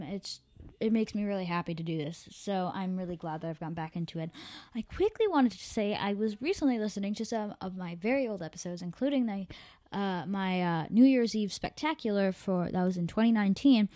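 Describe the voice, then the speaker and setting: A woman's voice: mid-range voice, mellow, dry recording. A woman storyteller reading her own story aloud, an amateur reader who stumbles and corrects herself. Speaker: podcast storyteller.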